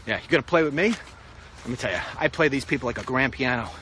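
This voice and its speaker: Medium-pitched, expressive and fast, a man's pushed, bright voice carries a blunt, rambling political monologue. He's a commentator walking outside and addressing the camera directly, with street traffic audible.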